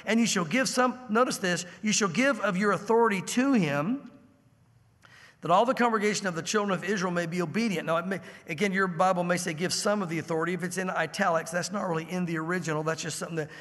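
A male pastor with a high voice teaching through scripture in a relaxed, conversational way. He slips into the voices of the people he describes. His voice rings with the long reverb of a church hall. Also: fast. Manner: conversational, acts out biblical characters' lines. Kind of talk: expository sermon.

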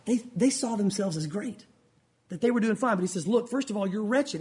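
A man's voice: sits high, expressive, brisk, darkish tone. A pastor, preaching a sermon in an earnest, conversational way and talking straight to his congregation.

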